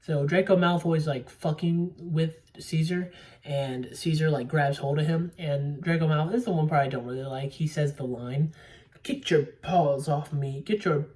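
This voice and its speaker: A man's voice: a little high, fairly even intonation, moderate pace, darkish tone. Rambling young man recapping a film. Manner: rambling, heavy filler "like", occasional swearing. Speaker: movie podcaster. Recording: voice a bit distant from mic.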